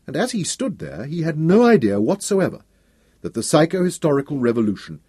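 A man reading a novel aloud as narrator, measured and expressive. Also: on the high side, slightly rough, no echo. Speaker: audiobook narrator. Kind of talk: scripted narration.

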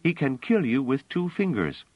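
A man voicing a calm, quick-witted woman with mind powers, in a higher, urgent voice in a dull audiobook recording. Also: no echo. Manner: urgent, tense.

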